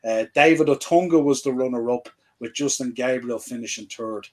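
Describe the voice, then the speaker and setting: A man hosting a casual wrestling podcast, chatty and quick to laugh, trailing off with fillers. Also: mid-range voice, a crowd in the background. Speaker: podcast host.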